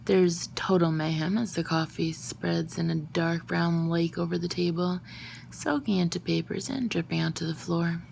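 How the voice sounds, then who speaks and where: A woman reading a first-person novel aloud into a phone, her narration soft and often half-whispered. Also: lowish voice, normal speed, vocal fry, a little hiss or hum. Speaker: audiobook reader.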